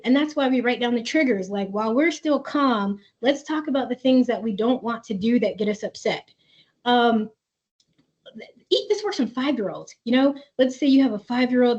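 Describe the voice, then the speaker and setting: Woman, therapist host of a parent webinar, slightly high voice, earnest and chatty, muffled video-call audio. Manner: warm, earnest, conversational, reads chat comments aloud. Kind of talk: webinar presentation with chat reading.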